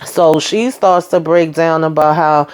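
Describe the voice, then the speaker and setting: A woman's voice: deep voice, fairly even intonation, measured pace, clear, resonant tone. A woman hosting a casual show recap, chatty and full of asides, retelling scenes by quoting what people said.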